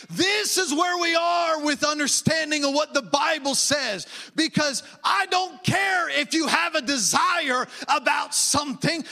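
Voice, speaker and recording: A man's voice: very high-pitched, pushed and bright. A man preaching a sermon, emphatic and often raising his voice, repeating phrases for stress.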